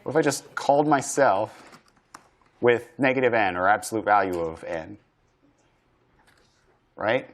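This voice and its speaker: A man's voice: fairly low pitch, steady tone, unhurried, pauses often. Casual man lecturing while live coding. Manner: thinking aloud, casual with many fillers and restarts. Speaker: university programming lecturer.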